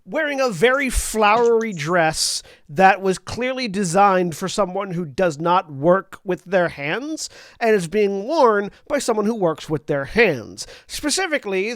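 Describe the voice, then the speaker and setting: Game master, dry close sound, mid pitch, wry scene narration. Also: no echo.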